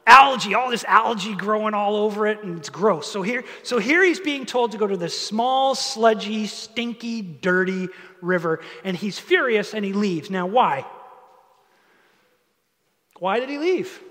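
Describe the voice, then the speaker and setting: A man's voice: sits high, big-room sound. A man preaching a sermon in a conversational, storytelling way. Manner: conversational, animated storytelling with asides. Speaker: pastor.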